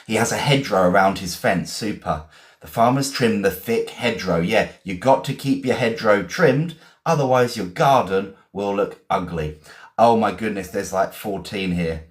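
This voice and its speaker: A man from England, teaching vocabulary on a live stream, spelling words out and praising learners. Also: lowish voice. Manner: encouraging, repeats and spells words. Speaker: English teacher.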